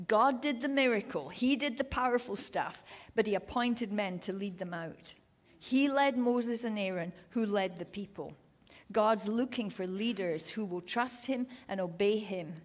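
A woman preaching to a women's gathering, reading scripture passages aloud and then urging her listeners on, clearing her throat now and then. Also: mid-range voice, unhurried. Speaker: women's ministry speaker.

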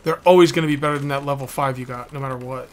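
A man's voice: mid-range voice, fairly even intonation, racing. A man playing along in a multiplayer game, chatting casually and asking lots of questions. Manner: curious, asks lots of questions. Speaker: co-player. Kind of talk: casual gameplay chat.

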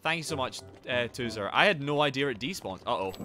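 A man streaming a video game live. He is excitable and sweary, and chats to his viewers while he plays. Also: mid-range voice, brisk, faint music behind. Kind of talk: live gameplay commentary.

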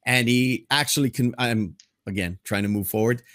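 Male podcast host, mid-pitched, dry close sound, walks through a plot with hesitant fillers. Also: normal speed, fairly bright tone, no room sound. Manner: agreeable, many yeahs, hesitant fillers. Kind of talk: casual movie discussion.

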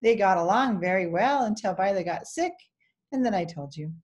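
A woman's voice: medium pitch, animated, moderate pace, a little mellow, close to an everyday voice. A woman reading the lines of a friendly male doctor in a storybook, in a plain explaining manner.

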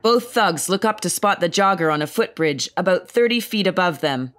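A woman narrating a screenplay, reading the scene directions in a calm, even way. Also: fairly low pitch, moderate pace.

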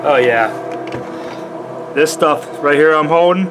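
A man's voice: on the high side, slow, noisy background. A man talking casually to his camera, rambling and stumbling over his words.

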